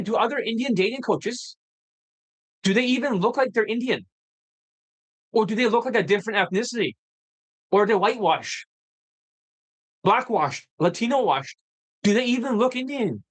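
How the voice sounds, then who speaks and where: A man's voice: very high-pitched, normal speed, pauses often, poor audio. A man hosting a dating-coach livestream, talking off the cuff in a blunt, profane, combative way that keeps flaring into heated outbursts. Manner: excitable, rising into heated outbursts. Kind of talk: unscripted livestream rant.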